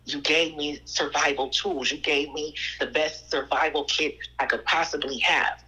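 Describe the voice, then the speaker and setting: Woman, low-pitched, husky, animated storyteller, acts out quotes. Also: rough recording. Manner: animated, quotes people in voices. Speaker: guest. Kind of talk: conversational storytelling.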